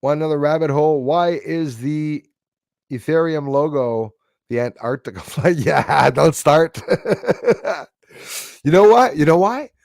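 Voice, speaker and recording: This livestream host, a middle-aged Canadian, reads comments and wanders through casual chat full of fillers, restarts and laughs. His fairly high, darkish voice has vocal fry and a measured pace, pausing often, in a dry studio-quality recording.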